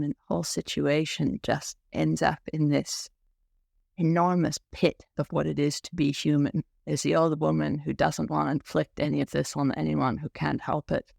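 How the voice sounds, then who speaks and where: A man who serves as a meditation teacher, telling a story in an unhurried, tender, musing way. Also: a little high, gravelly, dry recording, studio quality. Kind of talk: reflective storytelling talk.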